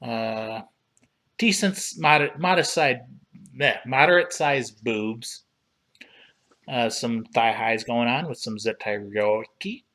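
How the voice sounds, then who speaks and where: Male streamer, drawn-out delivery, casual browse-and-chat tone, mid pitch. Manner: relaxed, unhurried, talks while browsing and reading aloud. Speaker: livestream host reviewing collectible figures. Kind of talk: casual livestream commentary.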